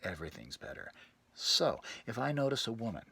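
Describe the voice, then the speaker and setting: A man playing a boastful, sleazy male pickup guru in a parody self-help lecture, sinking to low murmurs and bursting into loud scat exclamations. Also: big pitch swings, a little fast, creaky, slightly rough, full character voice. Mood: smooth. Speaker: self-styled dating coach.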